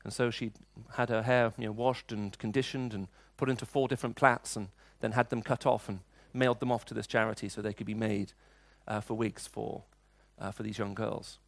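A man's voice: fairly low pitch, fairly even intonation, brisk, creaky, hardly any pauses, no echo. Conversational male preacher, dry sound. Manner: storytelling, conversational, frequent restarts. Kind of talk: sermon with personal stories.

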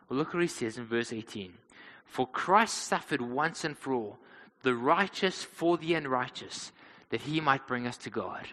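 Earnest male preacher with a bright voice. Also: medium pitch, normal speed, long reverb tail, poor audio. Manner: earnest storytelling, addresses listeners as friends. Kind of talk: sermon.

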